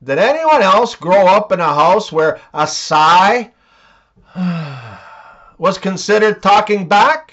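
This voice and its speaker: Male comedian, deadpan joke delivery, unhurried; dull lo-fi sound. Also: high-pitched. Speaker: comedian telling jokes. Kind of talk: scripted joke narration.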